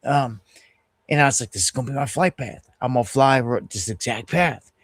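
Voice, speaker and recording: A middle-aged man hosting a casual livestream, telling a story in an animated, heated way and restarting his sentences often. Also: mid-range voice, brisk, no room sound. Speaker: host of an independent news livestream.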